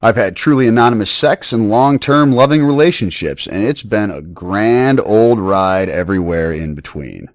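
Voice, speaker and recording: A man's voice: fairly low pitch, animated, moderate pace, hardly any pauses, dry recording, studio quality. A middle-aged man hosting a podcast, giving a blunt, profane and playful scripted monologue. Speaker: podcast host.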